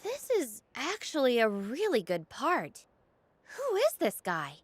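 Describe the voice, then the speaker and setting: A blunt young female adventurer, slightly husky and raised in pitch, her skeptical remarks swooping widely. The game voice is dry. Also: huge pitch swings, slow pace, dry recording, exaggerated voice. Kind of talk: video game dialogue.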